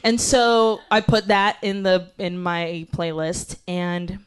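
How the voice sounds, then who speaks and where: A woman telling a comedic personal story as a guest at a live show, animated and profane, laughing as she goes. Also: lowish voice, takes it slowly, clear, resonant tone.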